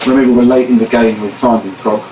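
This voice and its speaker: A man in a band answering fan questions in a casual live chat, steady and explanatory. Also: lowish voice, quick pace. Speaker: band member. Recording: echoey room, distant mic, faint noise.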